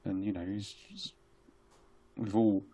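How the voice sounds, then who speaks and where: A man's voice: on the low side, little pitch movement, a little slow, warm tone, breathy edge. A man speaking as a podcast guest, hesitant, with many restarts and fillers. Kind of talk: conversational podcast interview.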